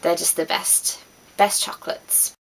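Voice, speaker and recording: A vlogger from England's West Midlands chats casually to camera in an unhurried way, laughing easily and drifting into trailing asides. The recording quality is low.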